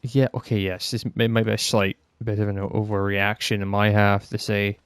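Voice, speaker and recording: Ranting Scottish man with a gravelly voice. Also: fairly low pitch, fairly even intonation, moderate pace, few pauses, no echo. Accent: northern Scottish. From Scotland. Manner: swearing, heated, ranting. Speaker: podcast rambler. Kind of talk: casual rant.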